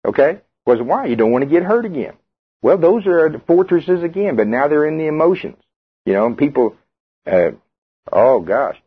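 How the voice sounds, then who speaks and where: Husky preacher on tinny radio. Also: male voice, a little high, very animated, normal speed. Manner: conversational, asks the congregation questions. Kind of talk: sermon.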